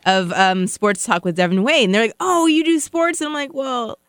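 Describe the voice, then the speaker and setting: A woman who is a regular on a sports podcast, reading a sports segment and chatting in a lively way. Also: a little high, moderate pace, dry recording, studio quality. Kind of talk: sports news segment and casual chat.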